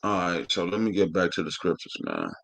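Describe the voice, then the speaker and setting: This man's voice is low yet fairly bright, brisk, with vocal fry and huge swings in pitch. Teaching scripture on a live stream, he reads verses aloud and then comments in a coarse, blunt, preachy manner, swearing freely and saying "man" constantly.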